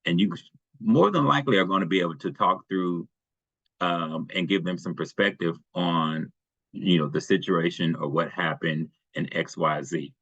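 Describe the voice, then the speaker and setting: A man's voice: low-pitched, moderate pace, a bit bright, slightly rough, dry recording. Man presenting on dull dry audio. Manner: reassuring, checks in with "okay?". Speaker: family services presenter. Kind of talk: parent workshop talk.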